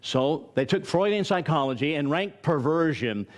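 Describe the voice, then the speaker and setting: An older man from Arizona gives a Bible study lecture. His voice sits slightly high for a man, and he drives each point with rhetorical questions and firm emphasis. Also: lively intonation, normal speed.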